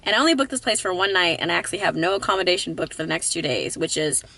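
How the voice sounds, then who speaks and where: Driving and exploring, a female travel vlogger narrates herself to the camera in an upbeat way. Her fairly low voice is expressive, bright and forceful, and she races along; the footage comes from a dash camera in the car and a handheld one outdoors.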